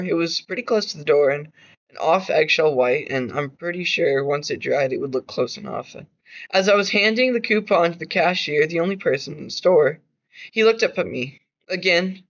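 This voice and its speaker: A man's voice: on the high side, fairly bright tone. Man reading horror story, lo-fi. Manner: plain reading with restarts and slips. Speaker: narrator reading his own horror stories. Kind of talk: amateur horror story narration.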